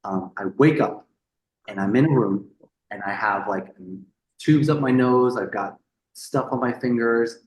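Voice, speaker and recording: A man on a podcast, telling a story in a casual, animated way. He swears freely, repeats words and acts out the people he quotes. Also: mid-range voice, measured pace, roomy sound, rough recording. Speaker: podcast guest.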